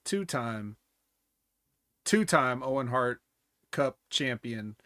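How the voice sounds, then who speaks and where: A man's voice: mid-range voice, lively intonation, takes it slowly, a bit bright, no echo, studio quality. A man co-hosting a casual wrestling podcast, blunt and opinionated, swearing freely as he recaps matches. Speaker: podcast co-host.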